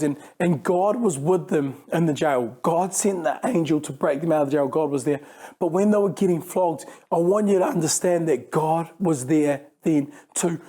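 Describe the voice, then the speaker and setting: A man preaches in a relaxed, conversational way, restarting phrases as he thinks aloud. His voice sits a bit high for a man, yet it sounds warm and mellow. He often acts out the lines of imagined speakers. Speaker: youth pastor. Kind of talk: sermon.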